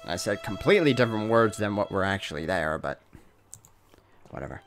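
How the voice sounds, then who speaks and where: A man's voice: on the low side, expressive, fairly quick, pauses often, over music. A man hosting a let's play video, reading game text aloud with casual, jokey asides. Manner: casual, jokey asides between read lines. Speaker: gaming video host.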